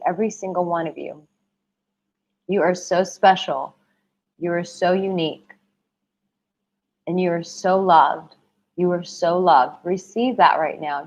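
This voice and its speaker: A young woman, a dating and relationship coach, answers questions on a live stream in a lowish, slightly mellow voice that is giving out. She's affectionate and emphatic, calls viewers babe, and repeats herself, all over dull lo-fi livestream audio.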